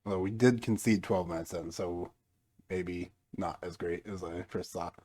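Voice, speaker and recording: A man with a fairly low voice talks through his football management game in a relaxed, mostly monotone way. His casual commentary stays low-key. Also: normal speed, husky. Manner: mostly flat and low-key, jumping up excitedly at goals; self-described monotone delivery. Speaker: gaming YouTuber.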